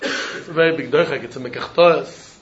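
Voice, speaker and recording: A man giving a Talmud lesson in a lively, questioning way, mixing Yiddish terms into his English. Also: a little high, normal speed. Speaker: Talmud teacher. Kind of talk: yeshiva-style Talmud lesson. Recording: dull echoey room with faint noise.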